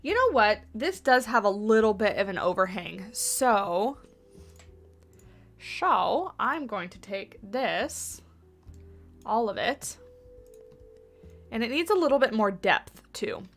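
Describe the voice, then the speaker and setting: A woman streams herself building in a game at home, rambling loosely and chatting with viewers who write in chat. Her medium-pitched, slightly bright voice swings widely in pitch, moving slowly with long pauses over soft background music, captured by a USB desktop mic on a boom arm.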